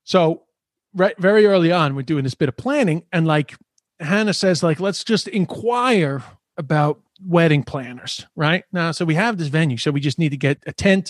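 A man's voice: high voice, dry recording, studio quality. Swearing, ranting podcast host man. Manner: swears constantly, animated ranting. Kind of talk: casual podcast chat.

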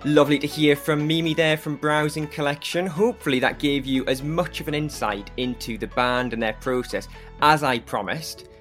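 A man's voice: on the high side, moderate pace, a bit bright, faint music behind. A man hosting a podcast, interviewing a guest and then chatting with his co-host, with easy laughter.

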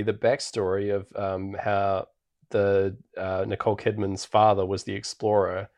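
A man with a fairly low voice talks through a film's plot for a podcast. His delivery is loose and chatty, with frequent ums and restarts as he goes. Nothing about it is scripted. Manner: rambling, relaxed, heavy on fillers. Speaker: podcast co-host. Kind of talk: casual film recap chat. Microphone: podcast microphone.

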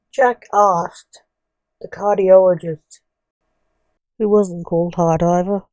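A woman narrating a story in a measured, steady reading voice. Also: fairly low pitch, no room sound.

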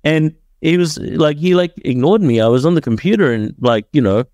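A man's voice: a little high, expressive, fairly quick, a little mellow, no room sound, clean studio sound. Man from Dubai telling his story. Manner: storytelling, frequent "right?" tags. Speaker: guest. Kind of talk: casual podcast interview.

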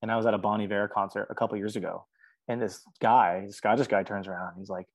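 A man's voice: lowish voice, steady tone, quick pace. A man, a musician guest on an interview podcast, talking in an earnest, chatty way and laughing often. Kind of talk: casual interview chat.

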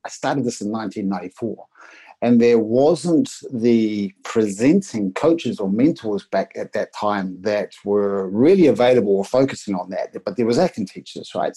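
A middle-aged man with a New Zealand accent talks eagerly as a podcast guest, restarting his sentences as the ideas rush out. His voice is husky and mellow. He sounds like he is on a video call. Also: fairly low pitch, low-quality recording. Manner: energetic, eager, tumbling restarts. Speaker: guest, presenting coach. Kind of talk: casual interview chat.

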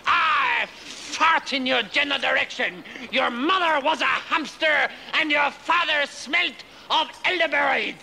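Brief: a jeering French guard on the battlements, high, bright and gravelly, put-on French accent, old film clip with faint hiss. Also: male voice, a little slow, hardly any pauses, exaggerated voice. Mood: shouting insults. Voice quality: high, sharp, gravelly, taunting. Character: mocking male French castle guard.

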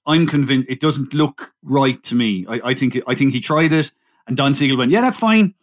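A man's voice: mid-range voice, fairly even intonation, normal speed. A man co-hosting a casual film review chat, chatty and steering the discussion back on track. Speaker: podcast co-host.

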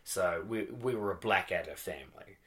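A man in his thirties with a broad Western Australian accent, chatting casually on a podcast, animated and swearing freely as he acts out crowd reactions. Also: deep voice, moderate pace. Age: 30s. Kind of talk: casual chat.

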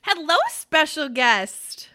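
Bright, playful woman podcast host. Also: high voice, lively intonation, takes it slowly. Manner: playful, upbeat, goofy asides. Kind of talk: casual chat.

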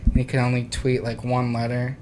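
A man's voice: mid-range voice, monotone, fairly quick, darkish tone, a little hiss or hum. A man co-hosting a podcast in easygoing casual chat, laughing along. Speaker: podcast co-host.

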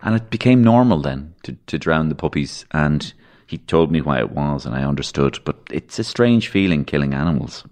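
Irish male podcast guest, very low-pitched, anecdotal storyteller with a macabre wit. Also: animated, normal speed, hardly any pauses. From Ireland. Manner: rambling anecdotal storyteller, dark humour, acts out voices.

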